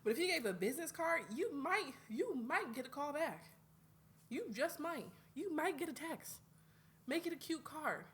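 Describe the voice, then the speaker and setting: A young adult woman from Atlanta hosting her own podcast in an animated, chatty way. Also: high voice, normal speed. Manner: animated, chatty, swings between loud outbursts and quiet asides. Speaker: podcast host. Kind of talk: casual solo podcast chat.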